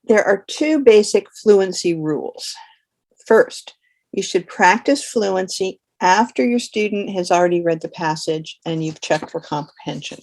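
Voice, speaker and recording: A woman's voice: mid-range voice, lively intonation, measured pace, darkish tone. A woman giving a tutor training presentation, explaining reading activities in a conversational, practical way. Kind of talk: instructional presentation.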